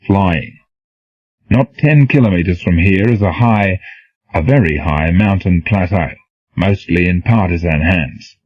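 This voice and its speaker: A man voicing a calm, dry-witted male commando leader who speaks without heat, in a storybook reading. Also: sits low, measured pace, dry recording. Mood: steady. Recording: dull, dry, lo-fi.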